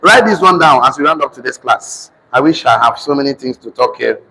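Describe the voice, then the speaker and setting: A man with a Nigerian accent teaching a finance class, repeating each phrase slowly so students can write it down. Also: medium pitch, lively intonation, sharp tone, slightly rough, big-room sound, rough recording. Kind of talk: classroom lecture with dictation.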